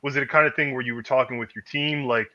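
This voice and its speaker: Podcast host, man, lively storyteller who swears freely; slightly dull lo-fi audio. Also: mid-range voice, quick pace. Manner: animated storyteller, acts out quoted voices, swears freely. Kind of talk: casual chat.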